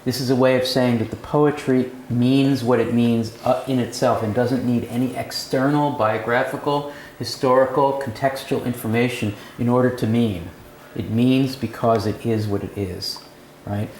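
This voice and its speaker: A man's voice: medium pitch, steady tone, normal speed, a little mellow. A man leading a poetry seminar, lecturing and putting questions to the group. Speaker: seminar leader. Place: cafe room with a seminar group. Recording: roomy room sound, faint background noise.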